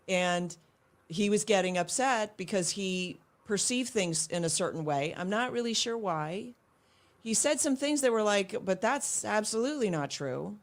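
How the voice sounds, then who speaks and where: A middle-aged woman, a guest in an interview, speaking earnestly and reflectively about parenting, often restarting her sentences. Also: medium pitch. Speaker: guest, homeschooling mother. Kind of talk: casual interview chat.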